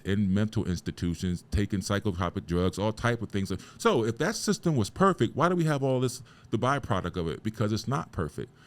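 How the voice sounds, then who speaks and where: With a low-pitched, clear, resonant voice, this male podcast host gives a forceful, sermon-like motivational speech. He fires off rhetorical questions and swears casually.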